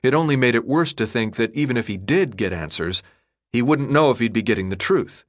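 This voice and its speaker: A man narrating an audiobook in an expressive, dramatic storytelling manner. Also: mid-range voice, brisk. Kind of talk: scripted narration.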